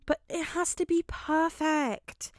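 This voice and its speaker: A woman's voice: very high voice, animated, normal speed, fairly bright tone, no room sound, studio quality, voice pushed up. A woman reading aloud voices an anxious, earnest teenage boy student who frets and whines. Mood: whiny. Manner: earnest, whiny, flustered.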